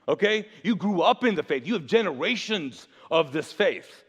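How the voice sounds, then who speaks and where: A pastor preaching a sermon in a church, animated and jokey, often asking the audience to fill in words. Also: male voice, fairly high pitch, moderate pace, few pauses, slightly rough. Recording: long church reverb.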